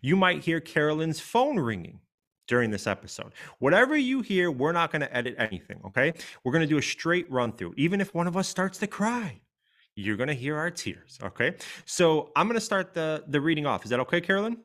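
A man's voice: on the high side, sing-song, a bit bright. A man from the United States co-hosting a podcast, chatting casually and reading his own writing aloud in an earnest, feeling way. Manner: earnest, reads slowly with feeling. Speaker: podcast co-host.

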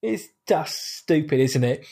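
A man's voice: a little high, animated, unhurried, gravelly, mellow, husky. A man co-hosting a podcast, rambling through a film's plot with wry asides. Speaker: podcast co-host. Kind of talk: casual film review chat.

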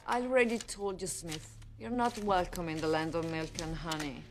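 A cold, dismissive woman from a film, played by an actress, brushing off an unwanted visitor. Her voice sits a little low for a woman. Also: fairly even intonation, moderate pace, lightly acted.

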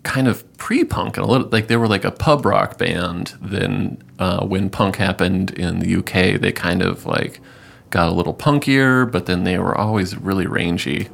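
A man's voice: low-pitched, normal speed, gravelly. A man co-hosting a casual podcast chat, acting out quoted lines with laughter. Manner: animated, acts out quotes with laughs. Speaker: podcast co-host.

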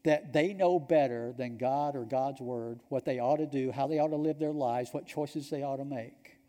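A man with a Georgia accent preaching a sermon to his congregation, telling the story earnestly and dropping to a hush for key points. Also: medium pitch, moderate pace. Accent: Georgia, US Southern. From Georgia, United States. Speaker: pastor. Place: church sanctuary. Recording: long reverb of a large hall.

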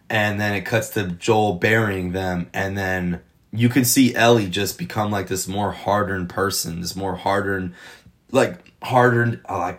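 A man casually reviewing a TV episode, retelling scenes in an excited, rambling way full of swearing. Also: sits low. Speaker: TV show reviewer.

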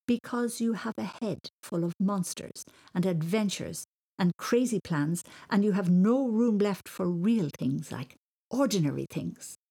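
A woman voicing a bossy, loyal schoolgirl who speaks softly and in a hush. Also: mid-range voice, expressive, unhurried, creaky, husky, heavily acted.

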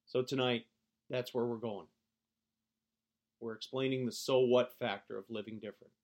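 A male pastor with a raspy voice, hoarse from a cold, praying and preaching in a halting way with many fillers. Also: mid-range voice, fairly even intonation. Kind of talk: sermon. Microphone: streamed online broadcast.

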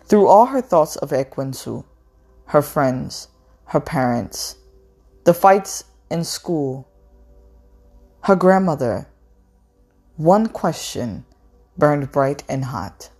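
A woman with a low, deep voice reads a novel aloud at a slow, deliberate pace. Her delivery is measured and calm, and faint music plays underneath. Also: husky. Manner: measured, unhurried reading with small slips. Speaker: narrator reading a novel.

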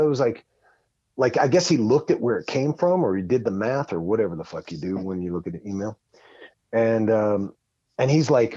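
A man's voice: medium pitch, moderate pace, no room sound, dull audio. A man telling a long story in casual podcast chat as a guest, rambling and heavy on swearing. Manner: profane, rambling, animated.

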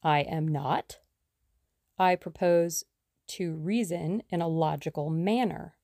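A woman reading the lines of a brisk, bossy young woman sleuth in an audiobook, speaking emphatically and decisively. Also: lowish voice, mellow, no room sound, clean studio sound.

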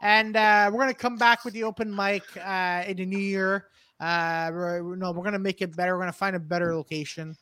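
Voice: medium pitch, steady tone, fairly quick, sharp tone, smooth. A podcast host chatting casually, rambling with restarts and often laughing. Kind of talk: casual chat.

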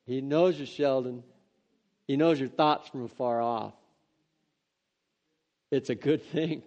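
A man preaching, reading scripture aloud and breaking off into earnest, excitable, conversational asides. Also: medium pitch, takes it slowly. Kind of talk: devotional scripture reading with commentary. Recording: dull lo-fi sound.

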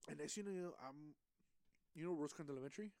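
A young man co-hosting a podcast, telling a story in casual chat with heavy swearing and lively acted-out quotes. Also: a little high, fast talker, no room sound. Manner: profane animated storytelling. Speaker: podcast co-host.

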